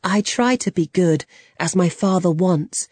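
A troubled young woman, put on by a storybook narrator, speaks in a lifted, soft, pleading voice. Her words come slowly and sit dry and close. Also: mid-range voice, slightly rough, no echo, voice pushed up.

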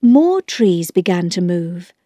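Woman reading a storybook, slow, lively pitch, dry close sound, clear and measured. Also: no echo. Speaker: narrator.

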